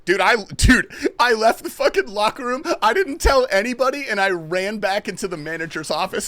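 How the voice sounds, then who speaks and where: Young man streamer, bright voice, very animated, lots of swearing; casual storyteller. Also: high voice, brisk. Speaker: game streamer. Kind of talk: casual story-telling chat while gaming.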